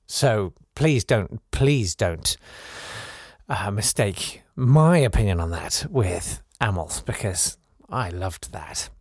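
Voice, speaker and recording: A man hosting a podcast, chatting casually in a wry, rambling, gently self-mocking way as he reads out and answers listener messages. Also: lowish voice, expressive, slow pace, husky, no room sound, studio quality. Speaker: podcast host.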